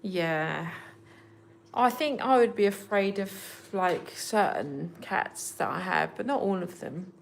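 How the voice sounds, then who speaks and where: A woman's voice: fairly low pitch, takes it slowly, creaky. A woman hosting a casual livestream from home, chatting with viewers and talking to her cats. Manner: chatty, talks to her cats in a soft baby voice. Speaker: livestream host.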